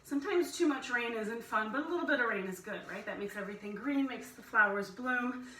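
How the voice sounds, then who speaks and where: Woman, yoga instructor, high voice, playful cueing, roomy echo, distant mic. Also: fairly quick, pushed and bright, a little hiss or hum. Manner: playful, cueing breaths and animal sounds. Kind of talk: guided family yoga class.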